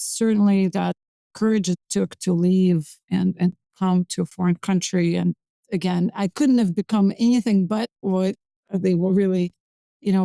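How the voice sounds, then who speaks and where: Woman in her forties from Azerbaijan as interview guest, mellow tone, halting speech full of fillers. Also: lowish voice, creaky, dry recording. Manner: hesitant, many fillers and restarts. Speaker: physician-scientist guest. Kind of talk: conversational interview.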